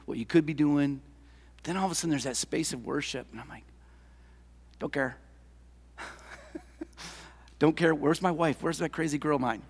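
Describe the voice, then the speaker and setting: An older man preaching a sermon as pastor, impassioned, with rhetorical questions, swinging between loud lines and hushed ones. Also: fairly high pitch. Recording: long hall reverb.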